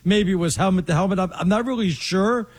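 A husky-voiced man co-hosting casual sports talk. His pitch sits a little high for a man. He rambles, restarts often and pushes his opinions hard. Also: fast. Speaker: podcast co-host.

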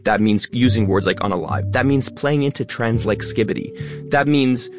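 A man being interviewed as a content creator, talking fast and stressing many words. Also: medium pitch, over music. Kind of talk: interview conversation.

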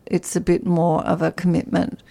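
Woman radio host; low, gravelly, chatty and quick to laugh. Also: monotone, dark tone. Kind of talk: casual radio chat.

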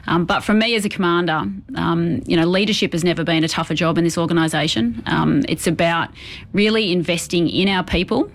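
An Australian woman who serves as a police commander, speaking in a somewhat low voice. She answers earnestly and in a measured way, with many ums between thoughts. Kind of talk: interview answer. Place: outdoors at a police station.

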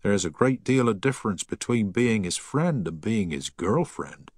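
A man reading the part of a blunt, nosy old grandmother in an audiobook, brisk and demanding. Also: on the low side, expressive, a little mellow, breathy edge, dry recording, clean studio sound.

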